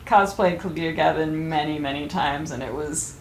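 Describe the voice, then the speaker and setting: A woman's voice: sits low, normal speed. Chatty woman co-host, echoey room. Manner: chatty, playful. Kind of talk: casual chat. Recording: echoey room with loud music.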